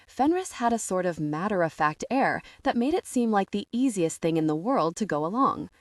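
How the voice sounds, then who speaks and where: A woman reading an audiobook as its narrator, expressive and voicing each character. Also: mid-range voice, normal speed, few pauses, no echo, clean studio sound. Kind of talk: scripted narration.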